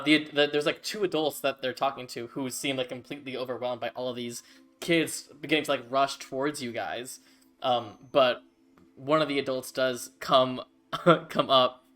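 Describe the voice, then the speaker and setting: Bright-voiced man running a tabletop game. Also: mid-range voice, normal speed. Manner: casual, rambling with fillers. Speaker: game master.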